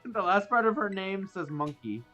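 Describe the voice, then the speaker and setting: Guest voice on a game stream, mid-pitched, teasing and playful. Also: sing-song, normal speed, over music. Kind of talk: casual gaming stream chat.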